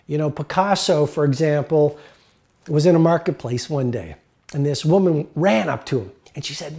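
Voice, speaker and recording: A man's voice: a little high, lively intonation, moderate pace, gravelly, mellow. A man giving a motivational lecture, speaking earnestly and emphatically and repeating key phrases.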